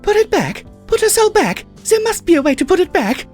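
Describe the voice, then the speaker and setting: A man's voice: extremely high pitch, big pitch swings, brisk, a little mellow, soft background music, voice pushed up. A man voicing an elegant, grieving unicorn mare in an audiobook, frantic and pleading. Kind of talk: audiobook character voice.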